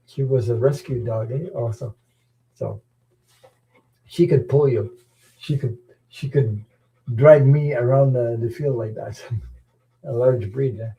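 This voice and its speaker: Mellow rambling man chatting casually. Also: medium pitch, takes it slowly, long pauses, rough recording. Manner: rambling, chuckling, repeats words. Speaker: tarot channel host. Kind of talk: casual chat.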